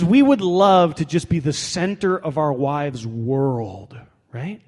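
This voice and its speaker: Wry preacher in a reverberant hall. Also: male voice, a little high, expressive, slow pace, a little mellow. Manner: conversational, wry, reads scripture aloud. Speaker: pastor. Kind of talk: sermon.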